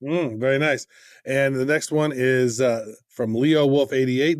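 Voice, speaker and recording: A man co-hosting a podcast, reading out descriptions and trading quick jokes. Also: mid-range voice, steady tone, no room sound, studio quality. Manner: reads card descriptions, quick asides. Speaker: podcast co-host. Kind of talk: casual chat.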